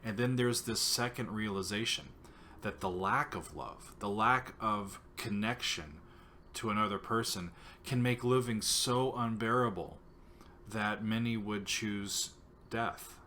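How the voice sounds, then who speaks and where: A composer hosting his own video show, talking about a new piece in a halting, earnest way with many filler pauses. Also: lowish voice, bright, forceful tone, slight background noise. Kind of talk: casual talk to camera about his music.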